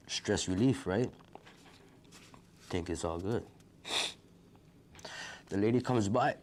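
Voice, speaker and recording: A middle-aged man, his voice sitting on the low side. He recounts his story as a vivid present-tense retelling and acts out the dialogue. A faint noise sits under his voice. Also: takes it slowly, long pauses, a little mellow. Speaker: wildfire survivor. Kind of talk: personal storytelling.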